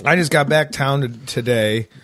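A comedian and podcast co-host telling tour stories in a casual chat, rambling and stop-start, with quick put-on voices. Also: male voice, mid-range voice, fairly bright tone. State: nursing tendonitis, ice packs on.

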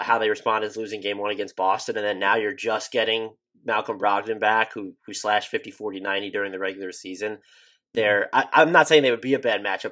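A man with a fairly low voice hosts a casual sports podcast. He talks in a conversational way, thinking aloud and restarting his sentences as he goes. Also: fairly bright tone. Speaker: podcast host.

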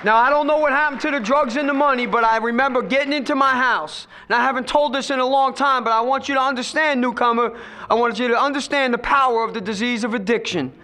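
A man giving personal testimony at a recovery meeting. He tells his story with lively acted-out dialogue and drops to a hush at times. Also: very high-pitched, quick pace. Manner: storytelling, acts out quoted voices, swings between loud and hushed.

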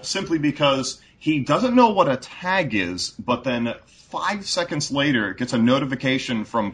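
A man co-hosting a casual movie review chat, picking the film apart with sarcastic, animated critique. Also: medium pitch.

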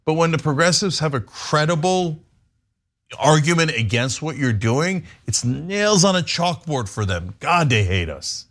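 A man's voice: on the high side, expressive, unhurried, fairly bright tone. A middle-aged man hosting a casual political podcast chat, emphatic and laughing often. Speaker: podcast host.

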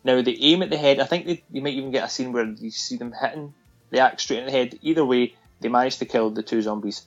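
A man's voice: mid-range voice, fast, dull audio, faint music behind. A man talking casually about a film, animatedly retelling scenes and acting out the lines.

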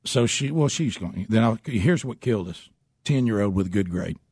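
Man, storytelling host, animated, dry sound. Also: on the low side, normal speed, breathy edge, no room sound. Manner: animated, acts out voices in his stories. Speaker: show host and youth football coach. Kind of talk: storytelling in casual chat.

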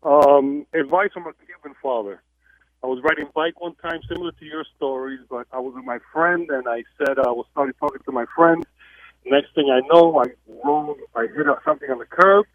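A man's voice: a little high, fairly quick, no room sound, narrow, tinny audio. A man calling in to a radio show, telling a story in a chatty way. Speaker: radio caller. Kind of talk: phoned-in anecdote.

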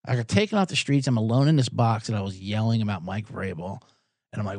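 A man hosting a sports betting podcast alone in a small recording booth, rambling comically, loud and excitable, swinging from shouting to mumbling. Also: medium pitch, fast talker, creaky, no echo. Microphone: studio microphone.

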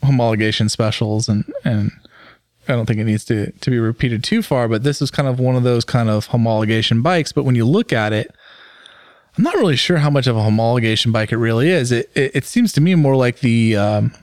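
A man's voice: medium pitch, brisk, a little mellow, no room sound, studio quality. A man in his thirties co-hosting a casual talk show, rambling with fillers and restarts. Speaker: podcast co-host. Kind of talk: casual chat.

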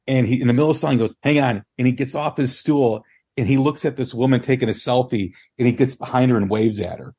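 A man hosting a podcast, asking questions in a measured, thoughtful way. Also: medium pitch, dark tone, slightly rough. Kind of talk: casual podcast conversation.

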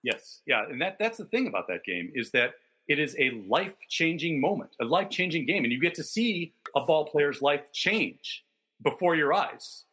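A man's voice: fairly high pitch, very animated, moderate pace, pushed and bright, husky. A man co-hosting a casual sports podcast, telling stories in detail and backing them with statistics. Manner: detailed, enthusiastic storytelling with stats. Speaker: podcast co-host.

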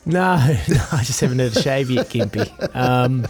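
A man's voice: medium pitch, expressive, a little slow, darkish tone, breathy edge. A middle-aged man with a New Zealand accent, co-hosting a breakfast radio show in casual chat and telling stories while laughing often. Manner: chatty storyteller, laughs often.

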